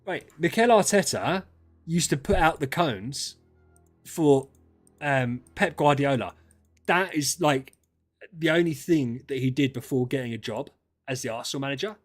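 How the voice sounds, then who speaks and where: A young man chatting casually on a livestream, ranting in an animated way and swearing freely. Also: medium pitch, measured pace, faint music behind. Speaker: streamer.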